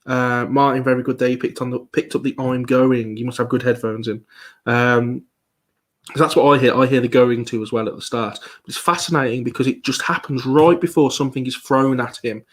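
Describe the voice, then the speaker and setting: A man giving a live online presentation as a paranormal investigator, talking with many pauses and restarts. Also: mid-range voice, fairly even intonation. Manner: hesitant, many ums and restarts.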